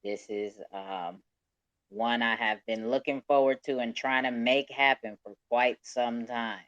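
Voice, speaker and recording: A man's voice: medium pitch, fairly even intonation, a little slow, a bit bright, no echo. Chill cussing guy hosting an audio call, mid voice, dull lo-fi sound. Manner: laid-back, profane, laughs often. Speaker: host. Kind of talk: casual chat on a live audio call.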